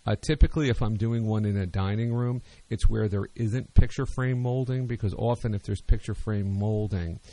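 A man's voice: fairly low pitch, vocal fry, dark tone. A man hosting a talk radio show, speaking loosely with many ums and restarts. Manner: rambling, hesitant with many fillers.

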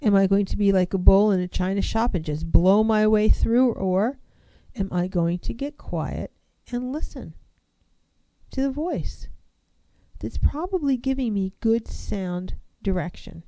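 A woman's voice: medium pitch, expressive, unhurried, dark tone, no echo. A woman counselor giving an earnest, reflective self-help talk, posing one rhetorical question after another.

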